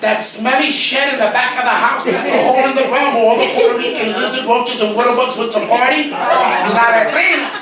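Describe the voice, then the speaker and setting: A man with a Bronx New York accent telling a comic stage monologue, animated and profane. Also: extremely high pitch, brisk, few pauses, crowd noise. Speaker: stage performer. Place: theater stage before an audience. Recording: echoey theater, distant mic, audience noise.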